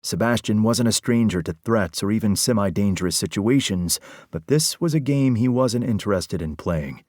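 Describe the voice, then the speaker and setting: A male audiobook narrator with a low voice and measured storytelling delivery. The read is scripted and steady. The sound is dry and close, with no room echo.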